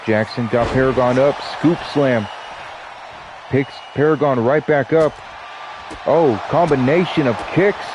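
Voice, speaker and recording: A man's voice: medium pitch, a little slow, noisy background. A man with a stuffy nose doing casual wrestling play-by-play commentary, dropping joking asides between his calls.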